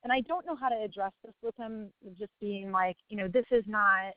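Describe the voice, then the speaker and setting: A woman's voice: mid-range voice, fairly quick, no room sound, phone-quality sound. A woman in her thirties, a parent asking for advice, rambling and laughing as she hunts for words. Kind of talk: casual chat.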